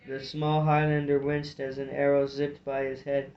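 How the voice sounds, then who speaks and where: A man's voice: a little high, completely flat delivery, normal speed, few pauses, crowd noise. A man reading a fantasy storybook aloud, narrating with occasional slips and restarts. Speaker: audiobook reader. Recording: dull lo-fi recording.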